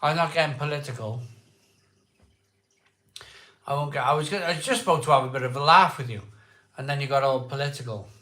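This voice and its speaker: A man's voice: mid-range voice, fairly quick, long pauses, sharp tone, reverberant. A man, hosting a casual live stream, joking and laughing as he reads out viewer comments from home. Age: 40s. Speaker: host of a live beer-tasting stream. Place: at home, indoors.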